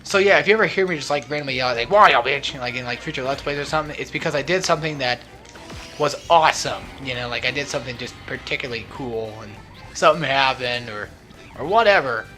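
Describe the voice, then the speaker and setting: A man's voice: mid-range voice, fast, bright, forceful tone, soft background music. A young man giving casual, rambling gaming commentary at home, joking and laughing as he drifts off topic. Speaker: let's play host. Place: at home, not alone.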